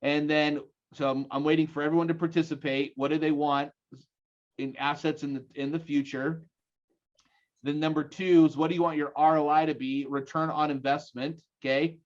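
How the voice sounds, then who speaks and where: A man in his forties with a Utah accent leads a lively seminar, throwing questions at his audience. His voice sits a little high for a man. The sound is dull and lo-fi, like audio sent over a video call. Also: normal speed. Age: 40s. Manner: energetic, rallying the audience with questions. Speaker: guest speaker. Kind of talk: live seminar presentation.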